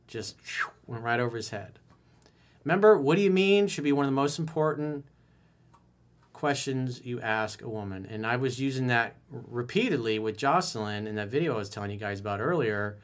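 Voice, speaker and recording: A man giving blunt dating advice, reading a listener's letter aloud and reacting to it, acting out lines with sudden soft asides. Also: medium pitch. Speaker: dating coach.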